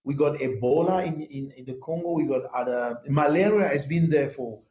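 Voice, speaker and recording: A man's voice: fairly high pitch, normal speed, dark tone, echoey room, dull audio. A man with a French accent, a native French speaker, speaking on an online panel with many hesitations and restarts over a video call.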